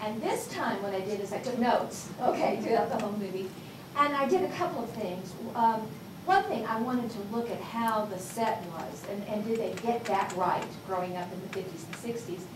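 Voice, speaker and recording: A Texas-raised woman in her sixties, a college instructor who gives an informal, rambling public lecture and talks straight to her audience. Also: a little high. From Texas, USA. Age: 60s. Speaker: college instructor giving a talk. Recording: echoey room, distant mic, background noise.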